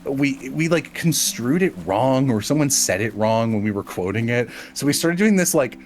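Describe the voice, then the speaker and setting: A man's voice: medium pitch, moderate pace, faint music behind. A man co-hosting a stream, telling stories in casual chat and laughing often. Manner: animated storytelling, laughs often. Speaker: streamer and podcast co-host.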